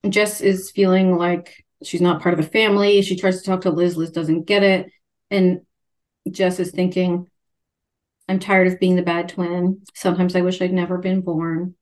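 A woman co-hosting a podcast, chatting casually about a book and acting out the characters' lines. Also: fairly low pitch. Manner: animated, acts out characters' lines in quick voices. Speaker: podcast co-host. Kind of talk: casual chat recapping a book.

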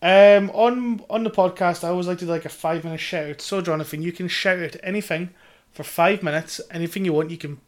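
A man's voice: high-pitched, brisk. A young man in his twenties hosting a casual podcast with a friend, chatty, swearing and laughing often. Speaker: podcast host. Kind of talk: casual chat between friends.

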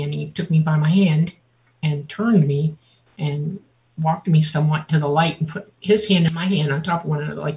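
A woman guest on an interview, telling a personal story in a lively way and acting out the voices of other people. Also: low voice, vocal fry. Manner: vivid, laughs often, acts out quotes. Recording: dull lo-fi audio.

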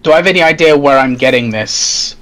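A man's voice: on the high side, brisk, a bit bright. A man playing a tabletop game, chatting eagerly about his character. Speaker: player. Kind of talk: casual tabletop game chat.

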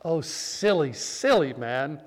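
Male preacher, high and clear-voiced, animated storyteller; sermon in a reverberant hall. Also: takes it slowly. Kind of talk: sermon with personal stories.

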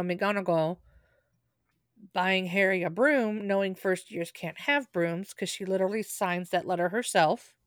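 A woman's voice: medium pitch, dry recording. Casting: woman, chatty book-club host, casual, dead-dry close mic. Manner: chatty, many fillers and laughs.

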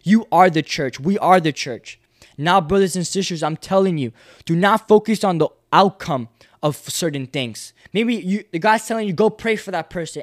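Guy preaching on a podcast, kinda high voice, keeps repeating lines for emphasis, dry close sound. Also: dry recording. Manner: passionate, urging listeners to repeat verses aloud; repetitive, emphatic preaching cadence. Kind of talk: podcast sermon with scripture reading.

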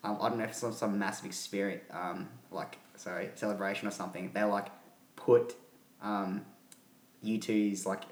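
A man's voice: on the low side, steady tone, moderate pace, echoey room. A man co-hosting a casual podcast chat, rambling with lots of likes and ums. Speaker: podcast co-host.

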